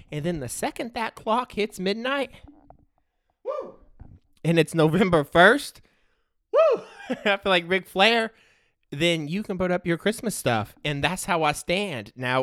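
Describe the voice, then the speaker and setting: A man's voice: on the high side, pushed and bright, dry recording, studio quality. A man hosting a solo podcast, rambling in a joking, self-mocking way. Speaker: podcast host. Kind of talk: solo comedic podcast rant. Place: home studio.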